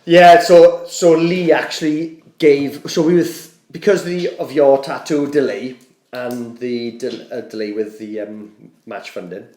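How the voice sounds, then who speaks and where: A man chatting as a podcast guest, piling on asides and restarts as he tells his story. His voice sits at an ordinary pitch. The room gives him a clear, roomy echo. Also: unhurried, slight background noise. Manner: rambling, animated, stacks up "I said" and restarts. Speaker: podcast guest, charity co-founder. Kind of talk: casual storytelling chat.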